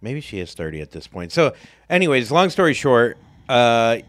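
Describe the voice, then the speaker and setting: A man's voice: medium pitch, very animated, normal speed, a bit bright, no echo, studio quality. A man co-hosting a podcast, telling rambling everyday stories in casual chat. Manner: rambling storyteller, puts on silly surfer-dude voices. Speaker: podcast co-host.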